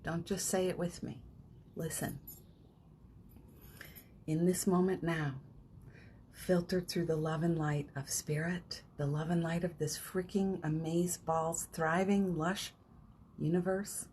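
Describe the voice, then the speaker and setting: A woman's voice: sits low, a little hiss or hum. Chatty woman leading spoken affirmations. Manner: chatty, warm-hearted, laughs often, breaks into soft affirmations. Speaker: spiritual coach hosting a live morning session. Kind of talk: casual live-stream talk with guided affirmations. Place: home, streaming live from her phone.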